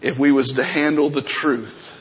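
A man preaching a sermon as pastor, swinging between shouted passages and quieter talk. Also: medium pitch, fairly even intonation, moderate pace, breathy edge, highs cut off.

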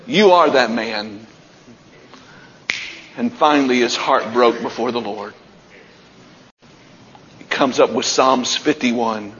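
A man's voice: mid-range voice, takes it slowly, pauses often, fairly bright tone, a little hiss or hum. A man preaching a sermon, retelling scripture stories with building intensity. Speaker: pastor. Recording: dull sound with long hall reverb.

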